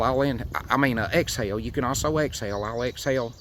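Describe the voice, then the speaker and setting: A man from Tennessee gives a folksy, unhurried demonstration of hunting calls, with frequent fillers. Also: mid-range voice, fairly bright tone, a little hiss or hum. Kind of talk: outdoor how-to demonstration.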